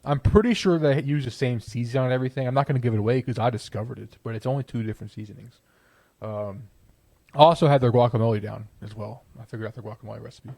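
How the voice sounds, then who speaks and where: Fast and gravelly, with a mid-range, darkish voice, a young man co-hosts a podcast and argues his opinions with playful confidence. He's casual and opinionated, often trailing off and starting over. No echo is present.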